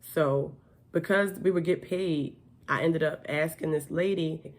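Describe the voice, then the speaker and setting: A woman's voice: sits low, steady tone, unhurried. A woman telling her life story in a casual, candid way, chatty and full of fillers.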